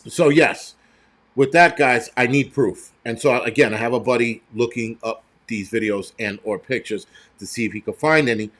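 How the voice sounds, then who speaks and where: An American man at an ordinary middle pitch, hosting a casual live stream. He talks straight to his viewers in a loose, rambling way, blunt and quick to swear. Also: a bit bright. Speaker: prepper channel host.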